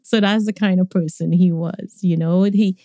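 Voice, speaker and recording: A woman, a podcast guest, tells stories about her family in a relaxed way and laughs often. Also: lowish voice, moderate pace, no room sound, clean studio sound. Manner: warm reminiscing, laughs often. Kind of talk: conversational storytelling.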